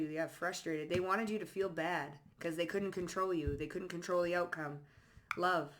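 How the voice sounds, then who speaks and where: This tarot-reading psychic swears freely, staying blunt and sassy as she loosely works through a reading, firing off card phrases in short bursts. Her somewhat low voice holds a steady tone at normal speed, with slight background noise.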